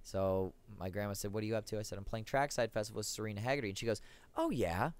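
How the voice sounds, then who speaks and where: A man's voice: on the low side, quick pace, smooth. A young man, a podcast guest and musician, chatting casually and acting out quoted voices as he tells a story.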